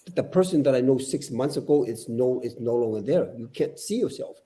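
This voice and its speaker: A man's voice: mid-range voice, quick pace, hardly any pauses, mellow. An older man speaking as a podcast guest, earnest and preachy, often repeating his words as he talks. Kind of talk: casual podcast discussion.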